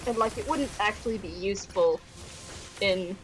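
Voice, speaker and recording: A woman's voice: mid-range voice, normal speed, background noise. A woman player chatting casually during a tabletop game session, talking loosely with lots of fillers. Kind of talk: casual chat among players.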